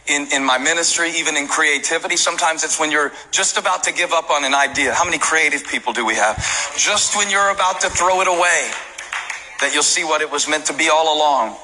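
Bright-voiced preaching pastor. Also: male voice, on the high side, slight background noise, rough recording. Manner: storytelling that builds to shouted preaching; jokey asides with laughs. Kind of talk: sermon. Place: church service.

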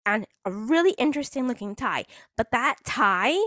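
Woman vlogger, chatty and rambling, higher voice, very animated pitch, dry close sound. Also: moderate pace, no room sound. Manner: chatty, rambling, self-mocking. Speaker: hockey fan vlogger. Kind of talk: casual chat.

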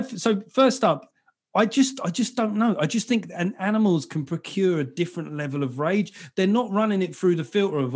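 Swearing comedian host, fairly high voice. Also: male voice, darkish tone. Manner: swearing, rambling, jokey. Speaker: podcast host. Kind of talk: casual comedic chat.

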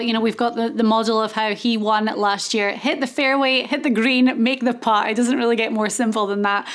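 A woman with a Scottish accent co-hosting a casual golf preview chat, upbeat and confident. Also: fairly high pitch. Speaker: golf show co-host.

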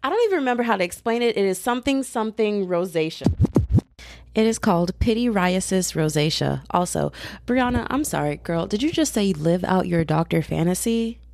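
A young adult woman, a student and podcaster, telling a story in a casual, animated and dramatic way, full of slang and quick asides. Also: mid-range voice, vocal fry, faint music behind.

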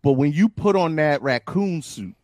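Animated podcast host man, lively pitch. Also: moderate pace. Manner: animated, joking, emphatic. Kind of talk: casual podcast chat.

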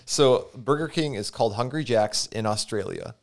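A man's voice: mid-range voice, moderate pace. A young man hosting a casual podcast chat, laughing often as he runs the segments. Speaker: podcast host.

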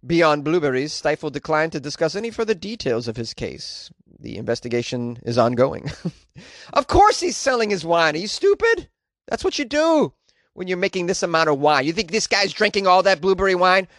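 Hyper american guy joking thru weird news stories, kinda high voice, dry close mic. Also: moderate pace, dry recording. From United States. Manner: wisecracking, energetic, laughs often. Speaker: podcast host. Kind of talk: comic news commentary.

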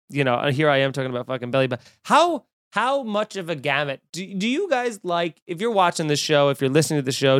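A man's voice: on the high side, a bit bright, clean tone, dry recording, clean studio sound. Profane, rambling podcast host man. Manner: profane, riffing stream of consciousness. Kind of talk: casual rambling chat.

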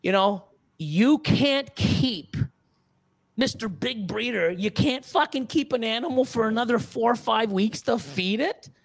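This middle-aged reptile breeder has an extremely high, creaky voice with lively intonation and an unhurried delivery. As a guest in a casual podcast conversation, he launches into a furious, profane rant, restarting again and again and repeating himself.

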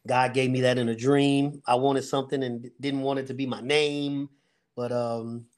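A man's voice: medium pitch, little pitch movement, normal speed. A middle-aged man, a security company owner, earnestly telling a faith-filled story of his struggles on a casual podcast, acting out the people in it.

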